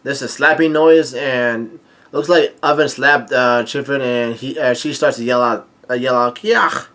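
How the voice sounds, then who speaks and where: A man reading through a manga chapter aloud in a casual, halting way, with many fillers and restarts and frequent chuckles. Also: medium pitch, fairly even intonation, fairly bright tone. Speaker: manga reader and commentator.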